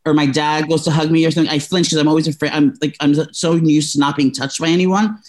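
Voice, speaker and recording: A man's voice: fairly high pitch, little pitch movement, quick pace. A young man in casual chat, telling a personal story in a rambling, emotional way with many restarts. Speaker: podcast co-host telling a story.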